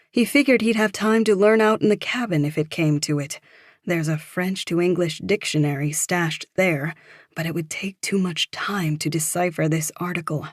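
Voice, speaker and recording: A woman narrating a psychological thriller audiobook in a steady, measured storytelling voice. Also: on the low side, no room sound, studio quality.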